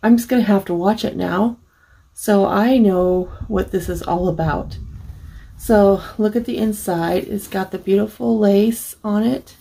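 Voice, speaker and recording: On her crafting channel, a woman looks through a handmade journal casually, full of fillers as she gushes over it admiringly. She speaks at a measured pace in a medium-pitched, dark, slightly rough voice with vocal fry, and the recording is rough.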